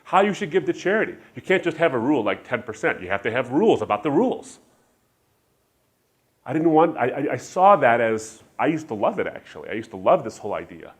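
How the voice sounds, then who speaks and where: A man's voice: medium pitch, sing-song, fairly quick, slightly rough. Emphatic middle-aged male preacher. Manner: emphatic, shifting sharply between loud stress and quiet asides. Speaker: Christian speaker. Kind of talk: sermon-style lecture with anecdotes.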